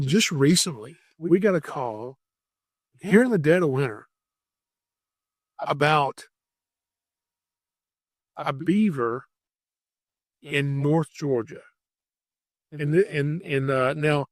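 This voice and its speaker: A man hosting a podcast, telling rambling, animated stories about catching animals in a casual way. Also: medium pitch, no echo, studio quality. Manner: animated, rambling anecdotes with restarts. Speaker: podcast host, wildlife catcher. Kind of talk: casual storytelling.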